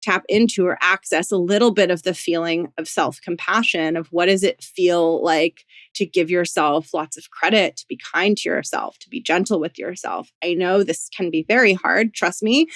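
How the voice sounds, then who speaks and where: A woman career coach hosting her own podcast, talking alone in a gentle, encouraging way, with many "like"s and "you know"s. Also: on the low side, normal speed, hardly any pauses, no room sound, studio quality. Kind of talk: solo podcast monologue.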